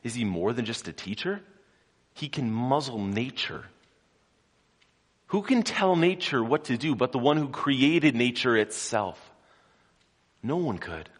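A man preaching a sermon, telling the story dramatically and swinging between loud, forceful passages and hushed ones, often putting questions to his congregation. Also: medium pitch, very animated, a little slow, pauses often. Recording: long hall reverb.

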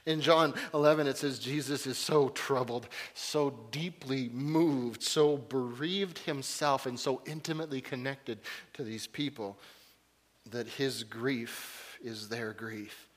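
A male pastor preaching a sermon, swinging between loud rhetorical questions and hushed, intimate passages, often repeating his words for emphasis. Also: mid-range voice, in a large hall.

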